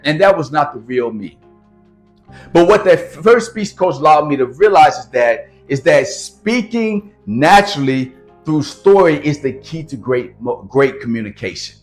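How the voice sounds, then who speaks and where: A man's voice: fairly high pitch, very animated, a little slow, faint music behind. A man coaching storytelling in casual talk to camera, speaking plainly in an urban American street dialect.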